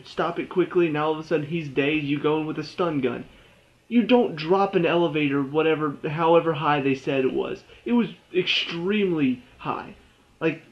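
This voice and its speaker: A man's voice: on the high side, muffled recording. Exasperated, sarcastic young man ranting. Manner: exasperated, sarcastic, mocks characters in quoted voices. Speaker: TV episode reviewer. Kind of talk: ranting video review.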